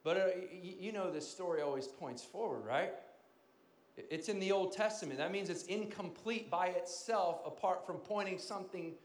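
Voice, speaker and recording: A man's voice: high-pitched, normal speed. Dynamic preaching man in an echoey hall. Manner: dynamic preaching, swinging from loud emphasis to quiet near-whispers. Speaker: pastor. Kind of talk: sermon.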